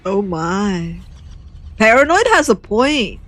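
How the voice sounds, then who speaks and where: A young woman streamer giving giggly, animated gameplay commentary and reading the game's choices aloud. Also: medium pitch, slow pace, soft background music.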